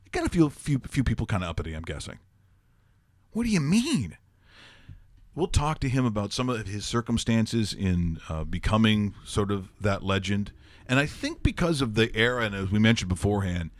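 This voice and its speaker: A man hosting a sports talk show, telling stories in a rambling, animated way and laughing often. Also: fairly low pitch, no echo. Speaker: host.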